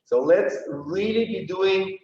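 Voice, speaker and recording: A man's voice: high-pitched, takes it slowly, a little mellow, slight background noise. A man with a Russian accent teaching a dance masterclass, counting and chanting the rhythm as he demonstrates. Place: dance studio. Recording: roomy, distant, dull studio sound.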